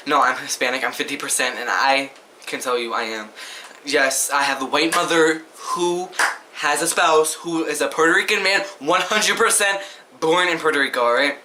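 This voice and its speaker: A man's voice: on the high side, moderate pace, pushed and bright, a little hiss or hum. A young man vlogging to camera, answering questions in a casual, emphatic and indignant way, often asking the viewer rhetorically.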